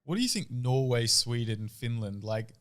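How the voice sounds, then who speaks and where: A man's voice: mid-range voice, moderate pace. A young man, co-hosting a podcast, telling crude stories with lots of swearing. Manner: crude, animated storytelling with heavy swearing. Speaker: podcast co-host. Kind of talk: casual chat.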